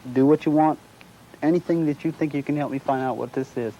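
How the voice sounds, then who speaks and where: A man's voice: a little high, fairly even intonation, brisk, mellow, muffled recording, slight background noise. A middle-aged man being interviewed, recounting a personal experience and acting out the dialogue of the people involved. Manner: acts out quoted dialogue while retelling. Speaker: eyewitness interviewee.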